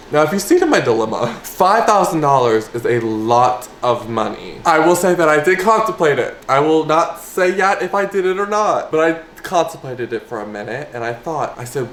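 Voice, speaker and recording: A young man telling a story in an animated, chatty way to his vlog audience. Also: mid-range voice, moderate pace, hardly any pauses, slight background noise. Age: young adult. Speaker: vlogger. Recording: echoey room, faint ambience.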